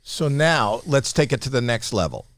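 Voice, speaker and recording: A man's voice: medium pitch, very animated, moderate pace, no echo. A man co-hosting a comedy chat, teasing a guest with probing questions. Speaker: co-host.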